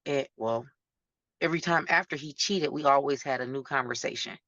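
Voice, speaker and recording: A woman's voice: rumbling low, brisk, fairly bright tone, no echo. Straight-shooting woman guest, frank and direct, on a dull, dry lo-fi track. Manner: blunt, straight-talking. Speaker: interview guest. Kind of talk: candid interview talk. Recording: dull lo-fi sound.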